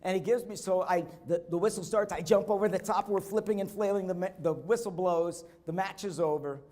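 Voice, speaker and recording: Animated, high-voiced man giving a speech. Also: fairly quick. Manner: animated storytelling, repeating key phrases; acts out quotes, bursting into shouts. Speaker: keynote speaker. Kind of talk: motivational conference speech with personal stories. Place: conference stage.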